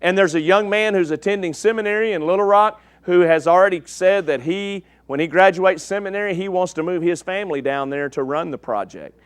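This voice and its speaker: A man's voice: high-pitched, brisk, few pauses, clear, resonant tone, dry recording. A man preaching in a church, folksy and joking with the congregation. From East Texas. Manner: folksy and joking, checks in with "okay?". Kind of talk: sermon with a slide show.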